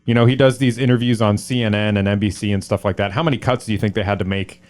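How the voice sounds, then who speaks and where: A man co-hosting a political podcast, relaxed and joking as he cues up clips. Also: on the low side, fast. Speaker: co-host. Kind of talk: casual political chat.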